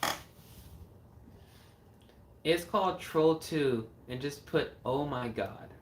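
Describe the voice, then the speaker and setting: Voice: medium pitch, takes it slowly, far from the mic. A horror filmmaker hosting a casual livestream chat. The host rambles and swears freely. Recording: roomy echo, mic set back, faint noise.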